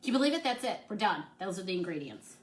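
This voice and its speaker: A woman's voice: mid-range voice, big pitch swings, fast talker. Chatty woman cooking in an echoey kitchen. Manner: chatty and enthusiastic, talks while cooking. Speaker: cooking show host. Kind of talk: casual cooking demonstration. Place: home kitchen. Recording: echoey room.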